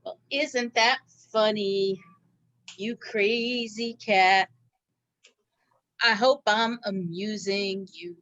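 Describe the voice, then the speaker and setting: A woman's voice: medium pitch, steady tone, very slow, long pauses, a bit bright, muffled recording. A woman playing a teasing, bossy lounge manager in an online improv comedy scene.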